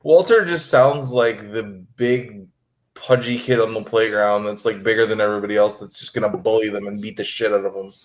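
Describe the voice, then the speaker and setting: A man co-hosting a podcast, chatting about wrestling in a relaxed, hedging way with lots of fillers. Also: on the low side, a little fast. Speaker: podcast co-host. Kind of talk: casual wrestling chat.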